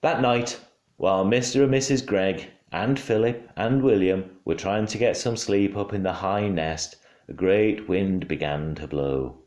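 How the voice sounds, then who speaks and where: A father reading a storybook aloud at home, expressive and hushed in quiet moments. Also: on the low side, unhurried. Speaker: father reading to his child. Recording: roomy home room.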